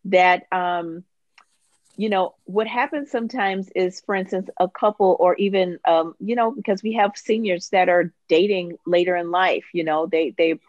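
A woman gynecologist on a panel discussion, talking in a halting way with many restarts and fillers over a video call. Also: on the low side, fairly even intonation, dry recording, dull audio. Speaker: obstetrician-gynecologist guest.

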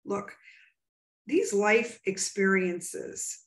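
A woman's voice: mid-range voice, expressive, very slow. Emphatic American woman telling a story. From United States. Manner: emphatic, retells conversations in quotes. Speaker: psychic medium guest. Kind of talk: animated storytelling in an interview.

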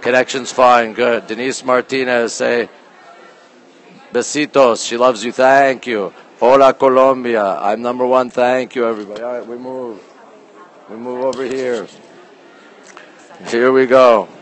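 A man from Canada talks casually into a phone as he strolls through a museum gallery, greeting viewers one after another. He often keeps his voice low, and his pitch sits in the middle range. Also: steady tone, unhurried, pauses often, low-quality recording. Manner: chatty, greets viewers by name, often softly spoken. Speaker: livestreamer touring a museum. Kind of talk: casual live-stream chat. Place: indoor art museum gallery. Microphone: phone held while walking.

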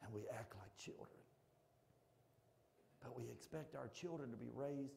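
A middle-aged male pastor preaching a folksy, animated sermon in church that swings from shouting to hushed. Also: mid-range voice, normal speed, gravelly, a little hiss or hum.

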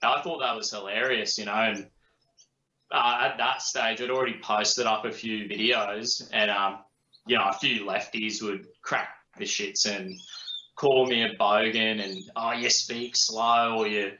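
A young man from New Zealand with a broad Australian accent talks easily as a guest. His voice sits a little low with a bright edge, and the drawn-out, filler-heavy delivery comes through a dull, roomy remote line. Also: fairly even intonation, a little hiss or hum. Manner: laid-back, rambling, lots of fillers. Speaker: guest YouTuber. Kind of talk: casual interview chat. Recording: echoey, muffled remote call audio.

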